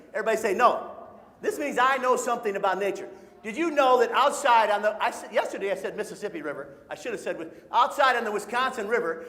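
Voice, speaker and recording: A man from Michigan runs a nature talk for a family audience, cracking jokes and getting everyone to repeat words back to him. His voice sits high for a man. The sound carries the long reverb of a large hall. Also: fairly bright tone. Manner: playful, call-and-response, sings short songs. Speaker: nature educator. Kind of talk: live audience presentation for families. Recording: echoey hall.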